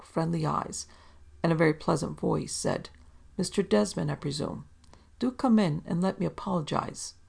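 Give me a woman narrating a story in a measured way, with a gravelly low voice.

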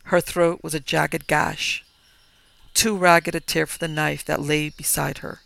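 A man reading a horror story aloud in a slow, dramatic way. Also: on the high side, little pitch movement, gravelly, fairly bright tone, no room sound. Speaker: narrator.

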